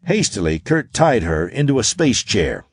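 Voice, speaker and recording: A man narrating a pulp science fiction audiobook with steady, dramatic storytelling. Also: on the low side, normal speed, husky, no room sound, clean studio sound. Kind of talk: scripted narration.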